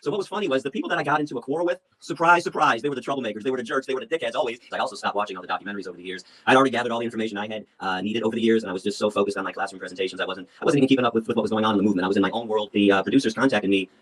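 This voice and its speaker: Fast-talking animated man in his fifties. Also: on the low side, poor audio. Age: 50s. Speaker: activist speaker. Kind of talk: animated storytelling in an interview.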